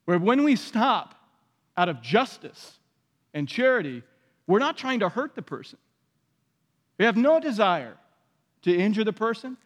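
A man's voice: sits high, big pitch swings, unhurried, long pauses, big-room sound. A man preaching a sermon in a conversational way, acting out the voices he quotes. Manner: conversational, acts out quoted voices, many restarts.

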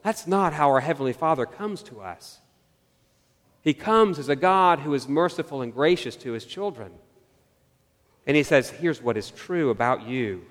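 A man preaching a sermon, earnest and searching, asking his listeners questions and slowing down on key phrases. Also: a little high, lively intonation, big-room sound. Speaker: pastor.

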